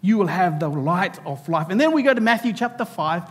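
Male preacher, high voice, lively sermon to kids and church, long hall reverb. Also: a little fast. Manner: animated preaching, addressing children directly. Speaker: pastor.

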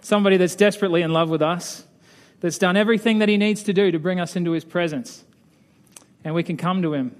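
A man preaching, telling a story in a relaxed, hesitant way with many fillers. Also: on the high side. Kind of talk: sermon storytelling.

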